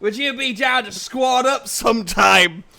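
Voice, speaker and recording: A man voicing a tipsy male spam bot with a put-on Australian accent, loud and slurred. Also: very high voice, a little slow, creaky, voice pushed up, heavily acted. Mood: rowdy.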